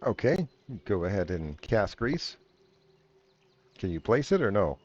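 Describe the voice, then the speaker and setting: A man running a tabletop game as game master, relaxed and chuckling. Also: fairly low pitch, measured pace, dry recording, lo-fi sound.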